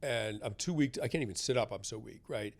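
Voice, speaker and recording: A man's voice: fairly low pitch, fast. A middle-aged man from the United States, a guest author telling a personal story in a candid interview, talking conversationally and often adding "right?". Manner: conversational, tag questions, swings loud and soft.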